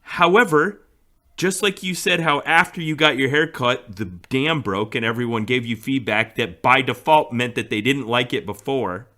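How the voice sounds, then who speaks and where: A man's voice: medium pitch, normal speed, pushed and bright. A man co-hosting a podcast, telling a story in casual chat and laughing often. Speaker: podcast co-host.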